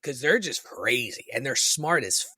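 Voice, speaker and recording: A man co-hosting a casual podcast chat, telling lively stories with swearing and leaping into high voices to mimic people. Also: a little slow, breathy edge, no echo, clean studio sound. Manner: animated storyteller, swearing, jumps high in pitch to mimic voices. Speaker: podcast co-host.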